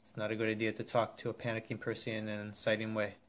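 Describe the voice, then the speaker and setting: Flat-voiced male story reader. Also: on the low side, fast talker. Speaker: narrator and reader of all parts. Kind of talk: amateur audiobook reading of a translated visual novel.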